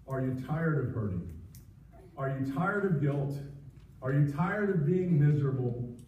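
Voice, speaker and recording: A man's voice: mid-range voice, expressive, a little slow, slight background noise. A man preaching a sermon as pastor, earnest and pleading, with frequent restarts. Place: church sanctuary. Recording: distant, echoey, muffled livestream audio.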